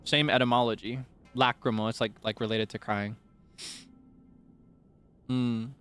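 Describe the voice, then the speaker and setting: Soft background music plays while a man streams live, playfully teasing his viewers and sharing trivia in casual chat. His medium-pitched voice is smooth and a bit bright, with a flat, unhurried delivery.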